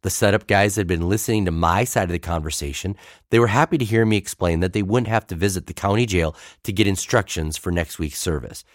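A man's voice: deep voice, a little fast, dry recording, studio quality. A man, a pastor, reading a wry personal story aloud.

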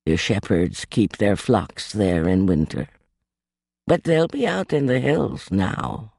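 A poor older woman , as a male storyteller puts her on, speaks slowly and kindly. The voice is husky and dry. Her words come measured, with a lilting rise and fall. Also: lowish voice, big pitch swings, a little mellow, no echo, heavily acted. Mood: helpful.

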